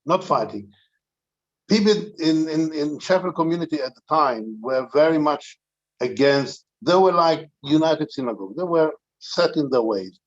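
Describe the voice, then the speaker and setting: A man's voice: on the high side, lively intonation, moderate pace, lo-fi sound. An older man, a rabbi, telling an anecdotal story to a community gathering, with frequent restarts.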